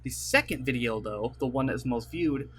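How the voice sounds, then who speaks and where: Seated at his computer desk, a young man chats to the camera for a casual vlog, full of fillers and apologies as he rambles. He's a YouTuber recording on a webcam-setup desk mic, and his medium-pitched voice moves at a normal speed, fairly bright and slightly rough.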